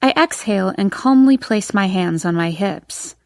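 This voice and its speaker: A woman's voice: mid-range voice, expressive, moderate pace, a little mellow, no echo, studio quality. Woman narrating a first-person audiobook.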